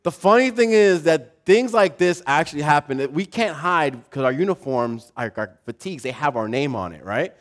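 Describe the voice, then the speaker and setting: A man's voice: fairly high pitch, normal speed, few pauses. A man preaching a sermon, telling a story and acting out the voices in it, asking his listeners questions. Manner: animated, acts out quoted voices, asks the audience questions. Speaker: pastor.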